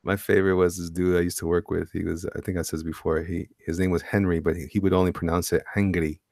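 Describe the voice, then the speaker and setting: A man co-hosting a casual podcast chat, telling rambling, animated stories. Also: deep voice, quick pace, creaky, no room sound, clean studio sound. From Tampa, Florida. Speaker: podcast co-host.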